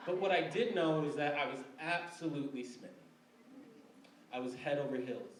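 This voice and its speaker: A man's voice: on the high side, normal speed, a crowd in the background. A man in his forties from Michigan telling a wry personal story to a live audience, laughing between lines. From Michigan, USA. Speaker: storyteller on stage. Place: library event room before an audience. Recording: roomy live recording from a distance.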